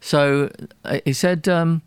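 A man, a record producer, telling a story in an interview, animated and self-deprecating, with frequent restarts. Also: on the high side, slow, smooth, dry recording. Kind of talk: anecdotal storytelling in a radio interview.

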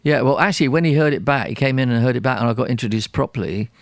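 Male producer guest, gravelly voice, dry close sound, animated storyteller who stumbles and restarts often. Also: medium pitch, rapid-fire, no echo. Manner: animated, self-deprecating, with many restarts and repeated words. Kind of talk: anecdotal storytelling in a radio interview.

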